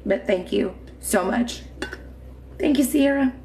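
Speaking slowly and expressively, this woman has a slightly high, creaky voice over background noise. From her Indiana home, in a room with mounted trophies, she hosts a casual phone livestream, reading comments, giggling, swearing freely and a little tipsy.

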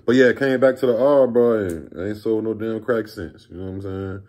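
A man's voice: on the low side, moderate pace, a little mellow. A man in his thirties from Virginia telling a story in a rambling, laid-back way, with lots of profane slang. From Virginia, USA. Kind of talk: casual storytime vlog.

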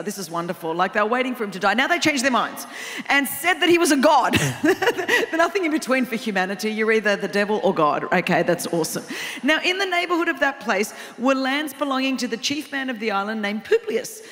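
A woman preaching a sermon in an animated, self-deprecating storytelling way. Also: high voice. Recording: long hall reverb.

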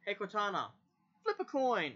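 Casually talking to a device, a person tests a voice assistant by repeating commands and muttering curses. Their medium-pitched voice swings hugely in pitch, keeps a moderate pace, and has a fairly bright tone. The recording is dull and lo-fi, with the speaker away from the mic.

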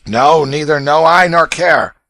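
A man reading aloud, voicing a rough, brutal middle-aged father who barks and growls orders in archaic speech. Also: a little high, unhurried, bright, forceful tone, no room sound, voice pushed up.

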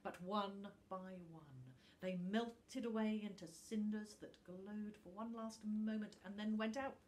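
Slow, expressive woman reading a children's story, faint hiss behind. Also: medium pitch.

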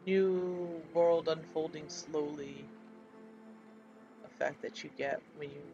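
A man's voice: fairly high pitch, fairly even intonation, slow, creaky, muffled recording, over music. A man chatting casually with self-mocking asides while playing a game on stream. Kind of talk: casual gameplay commentary.

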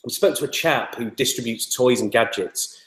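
A man with a medium-pitched voice speaks at a moderate pace in a reverberant space. He's an interview guest, a spokesman for a toy startup, chatting casually and rambling with plenty of fillers.

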